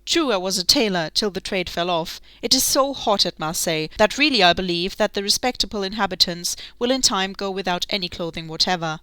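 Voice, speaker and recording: Woman reading as a fawning innkeeper, bright and crisp. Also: mid-range voice, expressive, brisk, few pauses, no room sound. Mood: ingratiating. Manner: eager, obsequious, chatty. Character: fawning middle-aged male innkeeper.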